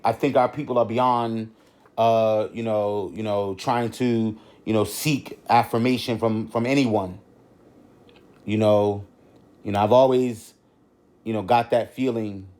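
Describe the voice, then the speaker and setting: A man's voice: lowish voice, a little mellow. A middle-aged man hosting a podcast, talking off the cuff in a rambling way, with many restarts and constant "you know" fillers. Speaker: podcast host. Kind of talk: unscripted podcast monologue.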